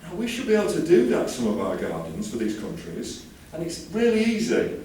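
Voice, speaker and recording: A man's voice: fairly high pitch, wildly swooping pitch, fairly quick, warm tone, slight background noise. A man giving a chatty, enthusiastic conference talk with jokey asides, from the UK. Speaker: conference speaker. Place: conference hall. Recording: roomy hall, distant mic, faint ambience.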